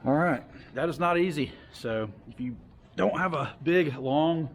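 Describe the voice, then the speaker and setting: A man's voice: on the high side, unhurried, a little hiss or hum. A man in a casual workshop how-to video, talking loosely with plenty of fillers while he wrenches on an engine in a garage. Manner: loose and chatty, lots of fillers. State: out of breath from heavy wrenching. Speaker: car hobbyist showing an engine install.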